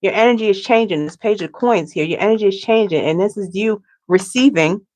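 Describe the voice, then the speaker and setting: Brisk and a little mellow at a medium pitch, a woman does a casual tarot reading for her viewers. She is chatty, says things more than once, and often ends lines with "okay?".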